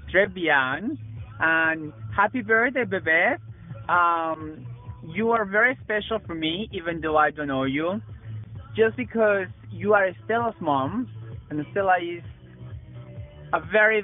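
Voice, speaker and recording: Man, gushing birthday message, high voice, phone-like sound. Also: unhurried, soft background music. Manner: warm, effusive, repeats himself. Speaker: friend sending a birthday message.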